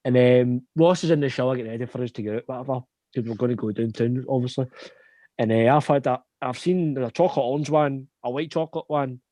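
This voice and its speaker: A man's voice: medium pitch, steady tone, quick pace, dark tone, no echo. A young man with a Scottish accent, telling a long laughing anecdote in casual chat, swearing freely. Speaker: podcast host.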